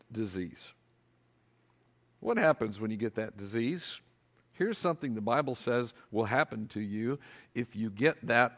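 Animated male pastor preaching. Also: mid-range voice, measured pace, long pauses. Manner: animated, asks the congregation rhetorical questions. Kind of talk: sermon.

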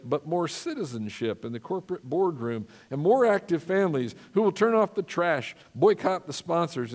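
A man's voice: medium pitch, darkish tone. A man pastor preaching a sermon in an earnest, emphatic way, asking the congregation for responses. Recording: long reverb of a church hall.

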